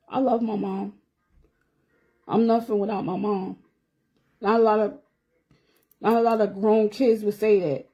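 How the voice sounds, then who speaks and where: A woman's voice: medium pitch, flat delivery, unhurried, long pauses, warm tone, breathy edge. A woman in her forties chatting candidly to viewers on a livestream while doing her nails. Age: 40s. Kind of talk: casual chat on a livestream.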